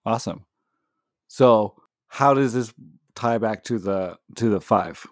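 A man's voice: fairly low pitch, slow, dry recording, studio quality. A man co-hosting a podcast, asking curious questions in casual chat and laughing easily. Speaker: podcast co-host.

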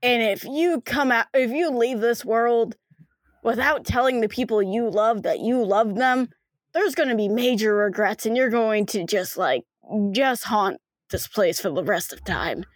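A woman's voice: on the high side, measured pace, dry recording. A woman voicing a brash young woman friend who talks bluntly and swears freely during tabletop role-play. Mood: pleading.

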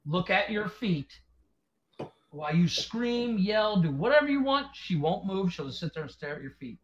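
Relaxed male co-host storyteller, slightly high voice, dull lo-fi recording. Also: moderate pace, echoey room. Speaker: podcast co-host. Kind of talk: casual chat. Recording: dull lo-fi sound.

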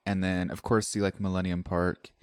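A man's voice: low-pitched, normal speed, clear, resonant tone, no room sound, clean studio sound. A man in his thirties, a podcast producer chatting casually with the host. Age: 30s. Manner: chatty, laughing, lively. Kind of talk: casual chat.

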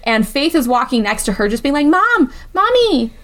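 A woman co-host talks through a movie's plot in casual, animated chat. She swears freely, and her voice sits a little high. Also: fast talker. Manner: animated recapping, frequent swearing. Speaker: podcast co-host reviewing a movie.

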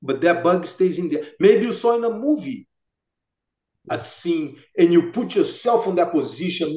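A man's voice: sits high, moderate pace. A middle-aged man with a Brazilian accent, a martial arts master telling casual stories and acting out the voices of the people in them. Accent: Brazilian Portuguese. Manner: animated, acts out quoted voices. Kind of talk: casual storytelling. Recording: echoey room.

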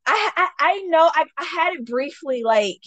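A young woman interviewing her father, playful and expressive. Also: high voice, moderate pace, dry recording, dull audio. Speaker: interviewer, daughter. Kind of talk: casual family interview.

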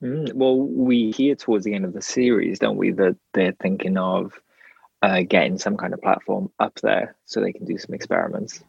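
A man's voice: sits low, fairly even intonation, normal speed, vocal fry, darkish tone, husky, dry recording, muffled recording. A man co-hosting a podcast in casual chat, laid-back with wry asides. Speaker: podcast co-host.

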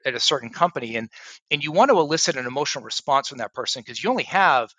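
A middle-aged man talking as a podcast guest, with a bright, forceful voice. He tells animated stories and plays out his own cold-call pitches. The sound is dry and close. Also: fast talker, no echo, rough recording. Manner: animated storyteller who acts out phone pitches. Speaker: guest, sales and recruiting coach. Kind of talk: casual podcast interview.

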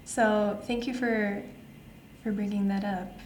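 A woman's voice: medium pitch, steady tone, slow pace. A woman hosting a podcast in casual, chatty conversation with thoughtful asides. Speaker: podcast host. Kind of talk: casual chat. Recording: roomy echo, faint hiss.

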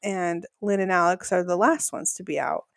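A woman's voice: fairly low pitch, normal speed, gravelly, no room sound, clean studio sound. A woman co-hosting a podcast, chatting casually and recapping episodes. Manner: chatty, acts out quotes in animated voices. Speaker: podcast co-host.

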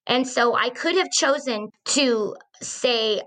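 Woman in her 40s, podcast host, bright voice, earnest chatty storytelling w/ ums and restarts. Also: on the high side, slow pace. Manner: earnest, conversational, with fillers and restarts. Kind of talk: personal storytelling in a discussion podcast.

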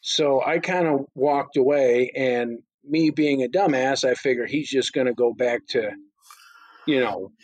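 A man's voice: medium pitch, measured pace. A middle-aged man co-hosting a casual podcast chat, ranting with profanity and exasperation. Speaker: podcast co-host.

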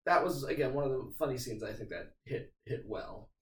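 A man's voice: mid-range voice, fairly quick, fairly bright tone, distant mic. A man guest on a podcast in casual chat, hesitant and full of restarts. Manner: hesitant, many fillers and restarts. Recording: echoey room, off-mic.

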